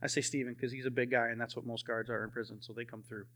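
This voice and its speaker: A young man preaching a sermon and telling his own testimony, swinging from loud emphasis to hushed, near-whispered lines. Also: mid-range voice, level tone, fast.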